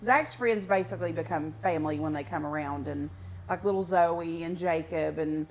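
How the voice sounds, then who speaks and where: A woman co-hosting a podcast, telling stories in an animated, chatty way. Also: deep voice, moderate pace, low-quality recording. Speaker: podcast co-host. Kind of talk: casual chat.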